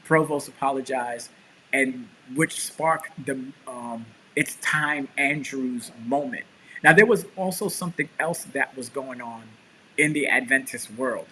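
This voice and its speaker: Bright-voiced man telling a story. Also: mid-range voice, a little slow, slight background noise, poor audio. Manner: animated storyteller, acts out quotes. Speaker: pastor and co-host. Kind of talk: casual storytelling chat.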